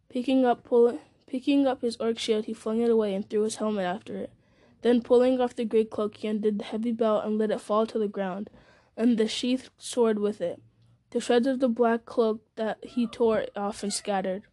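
A woman narrating a fantasy novel aloud in a steady, measured storytelling manner. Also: on the high side, dry recording. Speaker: audiobook narrator.

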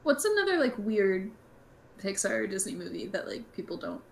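A young woman hosting a casual podcast, talking in an animated, chatty way with lots of fillers. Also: mid-range voice, normal speed, gravelly, slight background noise. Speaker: podcast host.

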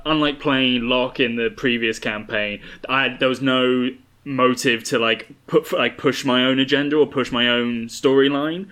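A man's voice: medium pitch, a bit bright. A man with an English accent, a guest player talking through his thoughts in casual chat.

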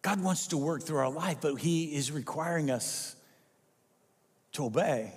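A man's voice: a little high, measured pace, slightly rough, long reverb tail. A male pastor preaching a sermon with emphatic delivery, firing rhetorical questions at the congregation.

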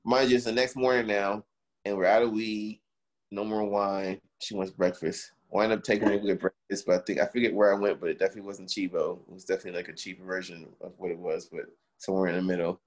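A man's voice: low voice, steady tone, quick pace. A young man in casual chat, animatedly telling a story, swearing and acting out the quotes.

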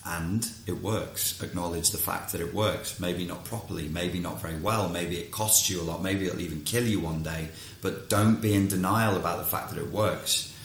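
A man's voice: low voice, steady tone, moderate pace, echoey room, slight background noise. Man, coach, casual monologue, frank and crude, faint background ambience. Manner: blunt, frank, swears freely. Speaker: coach working with clients.

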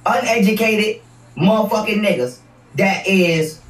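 This livestream host sounds high-pitched and keeps a measured pace while ranting combatively and profanely. He repeats words to drive each point home, and the distant mic catches an echoey room.

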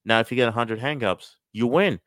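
A middle-aged man giving a casual motivational talk on sales and business, lively and acting out quoted voices. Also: mid-range voice, a little fast, dry recording. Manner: animated, acts out quoted voices.

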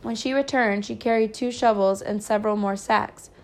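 A woman reading a novel chapter aloud, pausing for casual, chatty recaps with small stumbles. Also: mid-range voice, fairly even intonation. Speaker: reader.

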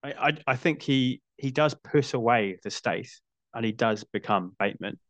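A man's voice: medium pitch, moderate pace, fairly bright tone, no echo. A man in his forties hosting a podcast, chatting casually about films with frequent restarts and dry asides. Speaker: podcast host. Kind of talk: casual film discussion.

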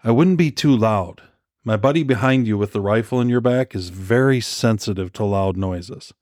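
A man's voice: on the low side, normal speed, darkish tone, no echo, studio quality, lightly acted. A man voicing a sardonic, wisecracking male operative in an audiobook. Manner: sardonic, joking.

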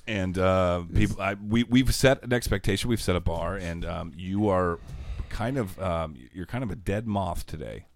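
Low-voiced wry male podcast host. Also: normal speed, hardly any pauses, no room sound. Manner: teasing, wry. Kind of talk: casual chat, reading news headlines.

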